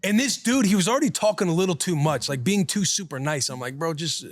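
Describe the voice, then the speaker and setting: Guy in his 30s telling a crazy travel story, kinda high voice, dry close sound. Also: quick pace, no echo. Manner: animated, profane, quotes people in dialogue. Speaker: podcast host. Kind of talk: casual storytelling.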